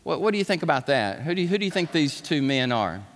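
A man preaching a sermon to his congregation, swinging from hushed asides to shouts and asking them to speak along. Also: fairly high pitch, fast. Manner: animated, shifting from hushed to shouting, calls on the congregation. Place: church sanctuary. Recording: long hall reverb.

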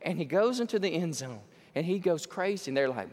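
A man preaching an impassioned sermon as pastor, swinging from loud to hushed. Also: fairly high pitch, big pitch swings, a little fast, long reverb tail. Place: church sanctuary.

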